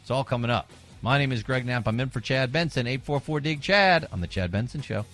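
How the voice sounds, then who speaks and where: A man hosting a talk radio show as a fill-in, delivering an animated, sarcastic monologue into a studio microphone. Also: medium pitch, brisk, loud music behind the voice. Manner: animated, sarcastic, mocks opponents.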